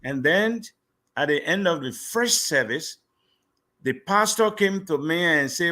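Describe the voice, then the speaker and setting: A middle-aged man from Liberia talks as a guest, recounting his journey as a lively storyteller. His voice is bright and a touch high, and he acts out each quoted line. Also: moderate pace. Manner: animated storyteller acting out quoted dialogue. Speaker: guest, pastor. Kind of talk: storytelling in a live interview.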